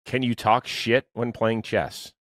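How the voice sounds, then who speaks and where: A man's voice: medium pitch, steady tone, slow pace, no room sound, clean studio sound. A man hosting a sports talk interview, asking his guest chatty, enthusiastic questions. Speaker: podcast host.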